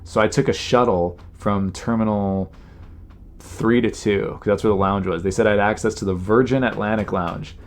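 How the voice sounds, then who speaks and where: This podcast host speaks in a lowish voice, keeping a steady tone and a moderate pace. He tells stories in a loose, rambling way, leaning on "you know" and slipping into exasperated impressions of the people he's quoting.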